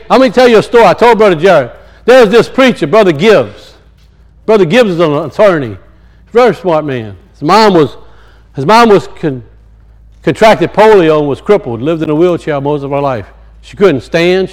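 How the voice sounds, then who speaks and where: Man, preacher, sermon storytelling, high-pitched, lively swings. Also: rough recording. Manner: animated, swings from loud high peaks to low muttered asides.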